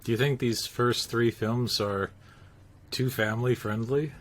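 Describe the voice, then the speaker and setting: A man's voice: medium pitch, steady tone, a little slow, a little hiss or hum. A man hosting a podcast, asking curious interview questions.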